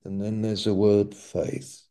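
A man preaching a sermon, speaking slowly and emphatically and repeating key phrases for weight. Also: on the low side, flat delivery, mellow.

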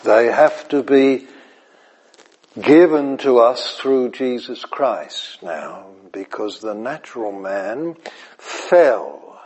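A man delivering a sermon in a husky, slightly breathy voice at an unhurried pace. His pitch sits in a middle register. He swings from emphatic repeated phrases to soft near-whispers, and he often asks his audience whether he is making sense. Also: expressive. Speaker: preacher.

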